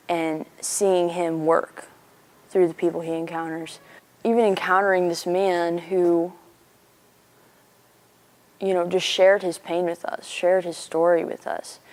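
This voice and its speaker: A woman's voice: lowish voice, a little mellow. Earnest young woman from Missouri. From Missouri, USA. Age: young adult. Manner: earnest, chatty, frequent "like". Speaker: university student. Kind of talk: personal faith testimony.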